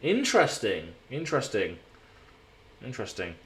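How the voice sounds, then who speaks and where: A man's voice: mid-range voice, huge pitch swings, normal speed. A man streaming from a hotel room, chatting casually and rambling as he answers viewers in his live chat.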